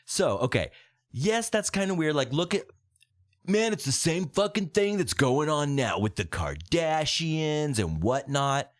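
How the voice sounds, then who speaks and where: A bantering man co-hosting a comedy podcast. His voice sits a bit high and swoops wildly up and down as he jokes around. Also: big pitch swings, a little slow. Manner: bantering, jumps into silly character voices. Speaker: podcast co-host. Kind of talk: casual comedic chat.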